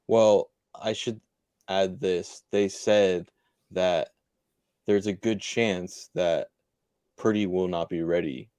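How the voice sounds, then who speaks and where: A man with a somewhat low voice co-hosts a casual sports podcast. He builds bold predictions in an animated rush, padding them with "like." The sound is dry and close to the mic. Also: slow pace, smooth, no echo. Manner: animated, spins bold predictions with frequent "like" fillers. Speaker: podcast co-host.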